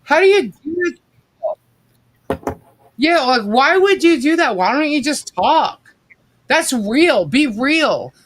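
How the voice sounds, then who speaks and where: A woman's voice: sits high, lively intonation, slow, pauses often. Woman co-host for a casual live chat stream; blunt, rambling delivery with plenty of swearing. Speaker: co-host of a livestream. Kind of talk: casual livestream commentary.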